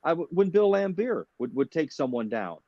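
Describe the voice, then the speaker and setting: A man chatting as a comedian guest, telling animated stories with stammering restarts. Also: on the high side, moderate pace, no echo. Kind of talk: casual chat. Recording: dull, dry lo-fi sound.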